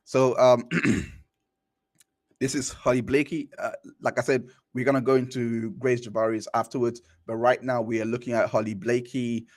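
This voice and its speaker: A man's voice: medium pitch, little pitch movement, moderate pace, a little mellow, no room sound, studio quality. A man hosting a live stream, reading through a court transcript and commenting in a casual, rambling way with many restarts. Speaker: stream host.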